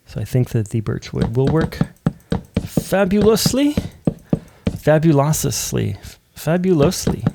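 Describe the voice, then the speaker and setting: Rambling gamer narrating a block build. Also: male voice, mid-range voice, vocal fry, heavy background noise. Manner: rambling, thinks aloud, hums and counts blocks under his breath. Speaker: Minecraft building channel host. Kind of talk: casual building tutorial commentary.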